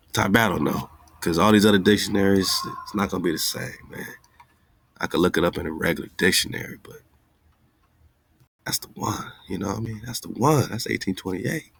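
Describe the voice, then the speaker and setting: A man's voice: sits low, moderate pace, gravelly, a bit bright, slightly rough, no room sound. A man hosting an online radio show, talking loosely and straight to his listeners with an exasperated, easygoing manner. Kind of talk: casual live-stream talk.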